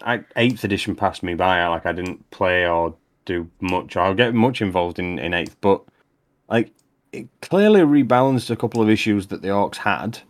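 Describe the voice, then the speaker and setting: Man, lowish voice, excitable and stammery, quick to jump in; casual chat. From United Kingdom.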